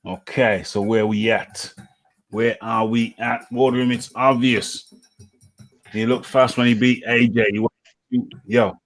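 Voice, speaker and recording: A man's voice: medium pitch, level tone, a little slow. A man hosting a live boxing chat show, talking casually and repeating his phrases. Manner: repeats phrases, laughs easily. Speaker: podcast host.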